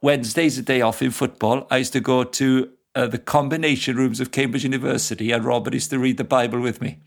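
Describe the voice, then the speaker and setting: Gravelly Welsh man telling stories. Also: mid-range voice, fast talker. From Wales. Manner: lively storyteller who laughs often. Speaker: guest evangelist. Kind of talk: casual storytelling interview.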